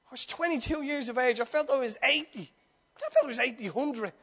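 A man in his forties preaching a sermon with passion, swinging between loud appeals and hushed, intimate stretches, with repeated rhetorical questions. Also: very high-pitched, fairly quick. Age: 40s.

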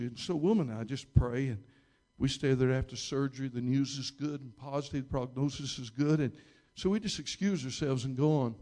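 A male pastor telling a story from the pulpit in a mid-range voice. He rambles, restarts his sentences and repeats little words. He pushes up in pitch and volume when he stresses a point. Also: brisk, hardly any pauses, dark tone. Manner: emphatic, rising in pitch and volume at key moments. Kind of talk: storytelling sermon.

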